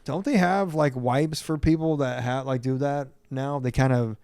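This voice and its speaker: A man's voice: mid-range voice, fairly even intonation, normal speed, a little mellow, smooth, no room sound. A man hosting a casual podcast chat, reacting with short questions and laughing along. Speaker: podcast host.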